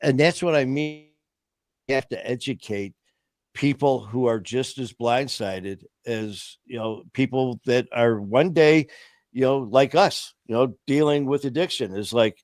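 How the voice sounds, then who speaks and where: A man hosts a casual talk stream with impassioned, rambling storytelling. His voice sits at an ordinary middle pitch, and the filler words keep piling up. The sound is dry and close, with no room echo. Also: measured pace, darkish tone. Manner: impassioned, rambling, heavy with "you know" fillers. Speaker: host of a recovery talk stream.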